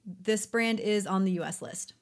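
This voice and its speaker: A woman's voice: mid-range voice, normal speed. A woman co-hosting a podcast, chatting casually and quizzing her co-host.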